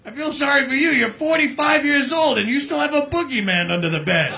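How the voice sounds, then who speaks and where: Male stand-up comic with a high, piercing voice, sarcastic and foul-mouthed, live club set. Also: expressive, fairly quick, creaky, few pauses, a little hiss or hum. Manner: profane, sarcastic ranting with shouted bursts. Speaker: stand-up comedian. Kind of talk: stand-up comedy rant. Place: comedy club stage with live audience.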